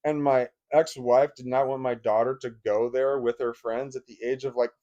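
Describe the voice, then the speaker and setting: A man at a middle pitch recounts a personal story to camera. He talks bluntly and emotionally, swears freely and keeps breaking off and restarting his sentences. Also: little pitch movement, normal speed, dark tone, highs cut off. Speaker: vlogger.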